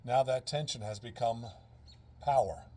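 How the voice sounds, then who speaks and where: In a casual instructional vlog, a fitness and breathing instructor explains things earnestly step by step, repeating his key phrases while out of breath. His medium-pitched voice is a little slow and mellow, with a little hiss or hum.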